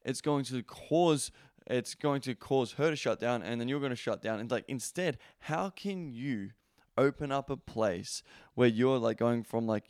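A man's voice: medium pitch, measured pace, darkish tone, clear, resonant tone, no echo, clean studio sound. A male podcast host in a casual coaching monologue, blunt and emphatic, swearing freely and leaning on lots of "like" fillers.

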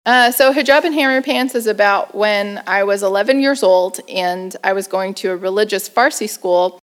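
A woman telling a personal story in an interview, animated, laughing often and using lots of fillers. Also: medium pitch, moderate pace. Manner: acts out family members' voices. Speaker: guest performer.

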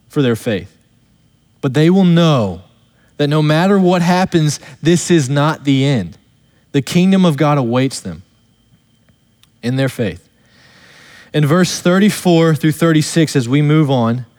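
A male pastor preaching an earnest expository sermon, slowing down to stress the verses he quotes. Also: medium pitch, a little mellow, long reverb tail.

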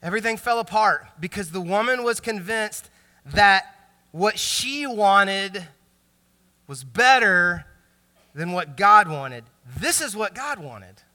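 A male pastor with a fairly high, bright and forceful voice preaches in a loose, joking, conversational style. His sermon rings out through a large church hall with a long trailing reverb. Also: slow pace. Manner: animated, joking, conversational with many "like" fillers.

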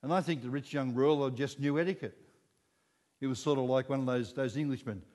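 A Scottish man in his sixties preaching a sermon, telling the story with lively acted-out voices. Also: medium pitch, a little fast, in a large hall. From Scotland. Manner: animated storytelling, acting out voices.

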